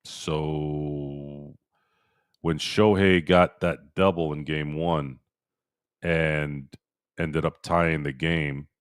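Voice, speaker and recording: A middle-aged man hosting a casual sports live-stream, excitable and animated, answering viewers in chat. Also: a bass voice, very slow, pauses often, smooth, dry recording, clean studio sound. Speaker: sports podcast host.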